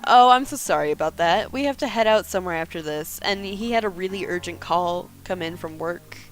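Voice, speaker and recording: A woman's voice: lowish voice, a little fast, faint music behind, natural voice. A woman voicing a cheerful, talkative woman friend in her thirties, reading her lines in a game playthrough. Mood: chatty.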